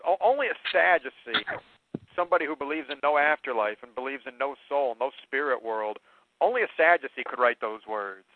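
A man's voice: mid-range voice, expressive, fairly quick. A man hosting a talk show who reads out a text and rebuts it in an indignant, emphatic way, with stumbling restarts. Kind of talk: reading a text aloud and rebutting it. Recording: dry tinny phone-like line.

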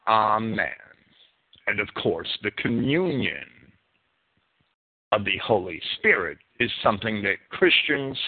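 A man with a New Jersey accent teaching a Bible sermon, emphatic and deliberate, stretching his key words. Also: medium pitch, slightly rough. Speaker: preacher. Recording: phone-like narrow sound.

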